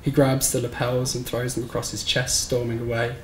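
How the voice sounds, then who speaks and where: A man reading his own short story aloud at a live bookshop event, in a measured, somber storytelling manner. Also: mid-range voice, little pitch movement. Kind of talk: live reading of literary fiction. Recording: roomy live recording with faint background noise.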